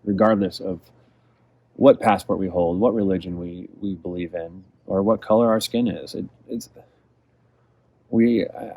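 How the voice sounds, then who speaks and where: Low-voiced man from California. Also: unhurried, gravelly, mellow. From California, USA. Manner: enthusiastic, reflective storyteller. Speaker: interview guest, world traveler. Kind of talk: casual interview conversation.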